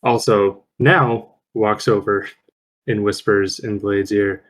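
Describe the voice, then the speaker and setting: A man's voice: fairly low pitch, fairly even intonation, takes it slowly, fairly bright tone, poor audio. A man playing a tabletop game on a voice call, narrating his character's moves and stopping to second-guess himself. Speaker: player. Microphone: headset or desk mic on a voice call.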